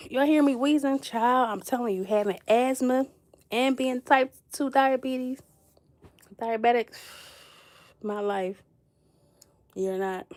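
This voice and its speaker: A woman with a slightly high voice, chatting casually on a live stream. She talks with lively emphasis, leans hard on her points, and answers viewers by name as if they were friends across the table. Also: slow pace, pauses often. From Philadelphia. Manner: animated and emphatic, repeats points for effect. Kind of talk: casual chat reading viewer comments.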